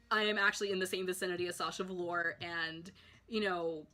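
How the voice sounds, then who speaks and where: Bright-voiced chatty young woman vlogger. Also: fairly low pitch, fairly quick. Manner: chatty, filler-heavy, excitable. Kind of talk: casual storytime monologue.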